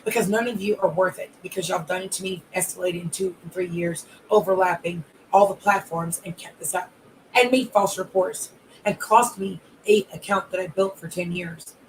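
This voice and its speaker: Calmly enraged coach with piled-up lists. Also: mid-range voice, normal speed, slight background noise, poor audio. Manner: controlled anger, long repetitive lists of grievances. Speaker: life and wellness coach. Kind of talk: live audio-room monologue.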